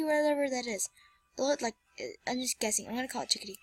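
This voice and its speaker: A woman's voice: sits high, expressive, a little fast, no echo, faint music behind. A young woman hosting a casual let's-play, flustered and exclaiming as she plays. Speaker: gameplay channel host.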